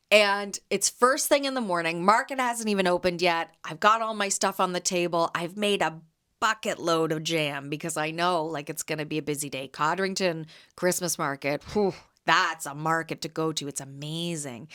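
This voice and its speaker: Chatty woman telling a story. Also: on the low side. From Canada. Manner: chatty, animated, quick laughs. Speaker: podcast host and jam vendor. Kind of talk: casual storytelling.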